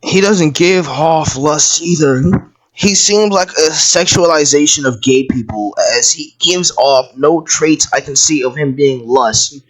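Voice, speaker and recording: A video commentator ranting through a show review, breaking into yelled outbursts, stammering repeats and frequent swearing. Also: mid-range voice, unhurried. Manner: profane and exasperated.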